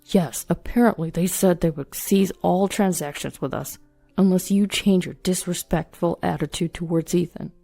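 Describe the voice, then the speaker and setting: A woman's voice: fairly low pitch, normal speed, vocal fry, warm tone, soft background music. A woman voicing a flustered middle-aged father who hurriedly explains trouble at his bank.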